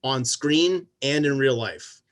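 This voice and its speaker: A man in casual podcast chat, making his point in a measured way. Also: mid-range voice.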